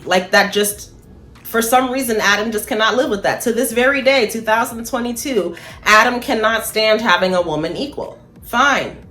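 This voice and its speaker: A woman talking casually and bluntly to camera, swearing freely, laughing at her own points and slowing down for emphasis. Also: medium pitch, sharp tone. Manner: slows down for emphasis. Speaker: spiritual vlogger. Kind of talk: casual opinion monologue.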